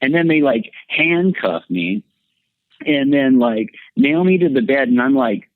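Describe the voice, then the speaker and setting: Animated man telling a story over a tinny line. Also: unhurried, no room sound. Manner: animated storyteller, jumps high when quoting himself. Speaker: podcast guest. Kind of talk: candid storytelling conversation. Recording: dry, tinny phone-like line.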